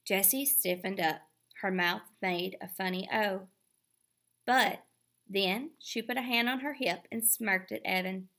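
Bright-voiced woman reading a storybook aloud. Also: mid-range voice, a little slow. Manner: expressive storytelling. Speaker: reader. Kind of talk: reading a children's novel aloud.

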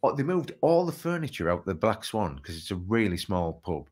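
This author and speaker has a lowish voice with a breathy edge and moves at a moderate pace. He animates a story during an interview, performing the lines of dialogue himself.

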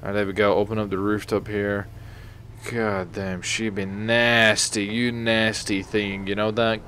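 A man's voice: on the low side, level tone, unhurried, a bit bright, a little hiss or hum. A man giving comedic let's-play commentary as a gaming video host, joking crudely, swearing freely and chatting to the game's characters. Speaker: gaming YouTuber.

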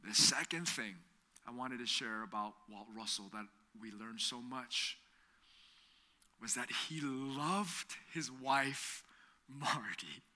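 Male pastor, sermon storyteller, bright ringing tone, slow deliberate delivery, swings from loud to hushed. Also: medium pitch. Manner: storytelling, building to loud emphasis then dropping to a hushed near-whisper. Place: church sanctuary.

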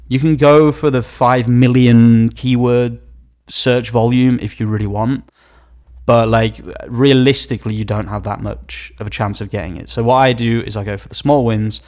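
A man hosting a screen-share tutorial on search results, talking with open excitement and trailing into quiet asides. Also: medium pitch. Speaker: SEO channel host.

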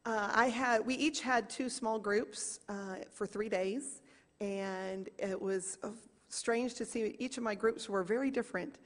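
A woman in her forties, a small group leader, telling an earnest personal story to a church congregation and slowing down to stress key moments. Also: medium pitch, steady tone. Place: church sanctuary. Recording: reverberant church hall.

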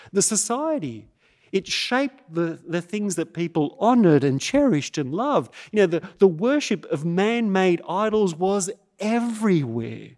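A man preaching a sermon as pastor, slow and emphatic with dramatic pauses. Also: a little high, a little mellow. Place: church.

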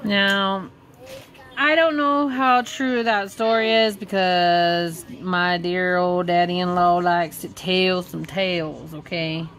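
A woman's voice: lowish voice, steady tone, takes it slowly, a bit bright. A woman hosting her vlog in casual chat, teasing and playful. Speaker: vlog host.

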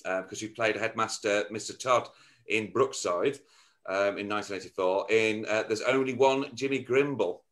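A man's voice: fairly low pitch, normal speed, a bit bright. A man hosting a casual remote interview over a video call, chatty and reading from his notes with plenty of ums. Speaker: interview host.

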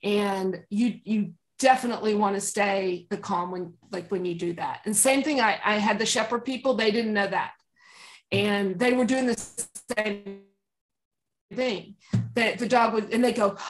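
A woman dog trainer speaking as an interview guest, calm and emphatic, often laughing and acting out commands she gives to dogs. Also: medium pitch, normal speed. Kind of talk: conversational interview.

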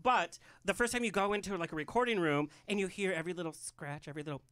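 A sassy, flamboyant man hosting a casual chat, quick to laugh. His voice is high for a man, and his tone is bright and forward. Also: smooth. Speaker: podcast host.

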